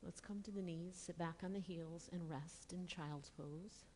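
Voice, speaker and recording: A woman leads a yoga class in a calm, encouraging way, a little breathless as she moves through the poses. Her voice sits on the low side. The sound carries a long reverb tail over a faint background hum. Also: measured pace. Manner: calm, encouraging cues with light laughs. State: slightly out of breath. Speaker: yoga teacher. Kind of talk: guided yoga class instruction.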